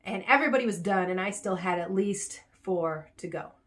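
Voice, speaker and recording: A woman vlogging in a rambling, personal way, tired and sore after a workout, venting about her day and then talking herself back up quietly. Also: medium pitch, fairly quick. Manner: venting, animated when recounting, quiet when reflecting.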